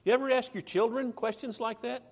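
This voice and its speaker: A man preaching a sermon in a conversational, animated way, reading scripture aloud with rising emphasis. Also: very high voice, fairly quick, slightly rough.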